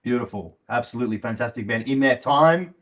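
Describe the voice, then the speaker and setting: A musician talking in a casual chat show, calmly remembering his father's band. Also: mid-range voice, brisk. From Australia.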